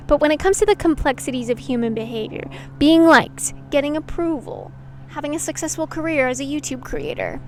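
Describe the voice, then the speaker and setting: A woman's voice: high voice, normal speed, a little mellow, slight background noise. A young adult woman, a video creator, talking candidly to camera in a rambling, reflective way, full of "like" and the odd swear word. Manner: rambling and candid, heavy use of "like", casual swearing. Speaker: YouTube creator. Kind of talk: reflective casual monologue to camera.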